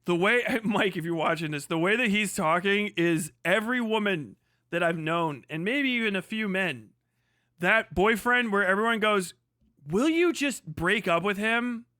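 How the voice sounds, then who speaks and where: High-voiced, sarcastic, profane male streamer. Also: normal speed, bright, forceful tone, dry recording, clean studio sound. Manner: sarcastic, profane, rambling riffs. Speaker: streamer reacting to a clip. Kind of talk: casual live-stream commentary.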